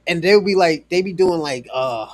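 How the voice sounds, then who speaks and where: Fairly high in pitch and moderate in pace, this man's voice comes through with no room sound. Chatting on a live stream, he wanders through his thoughts with many fillers and restarts, swears without hesitation, and talks right to someone in chat.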